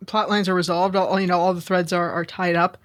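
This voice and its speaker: A woman's voice: lowish voice, flat delivery, fairly quick, dry recording. A woman co-hosting a podcast, casually recounting a video game's ending and acting out the characters' lines as she goes. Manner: rambling storyteller, acts out characters' lines. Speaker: podcast co-host. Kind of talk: casual chat, retelling game plot.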